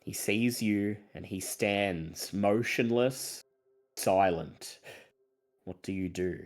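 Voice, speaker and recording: A man narrating a tabletop horror game as game master, building tension with slow, dramatic description. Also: lowish voice, soft background music.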